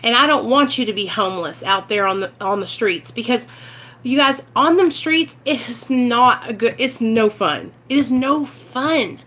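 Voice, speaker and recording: In a fairly high, sharp voice at a moderate pace, a recovery vlogger speaks to her viewers from inside a car. She's from Arkansas, has a Southern accent, and talks casually and from the heart about recovering from addiction, earnest and emotional and sometimes near tears.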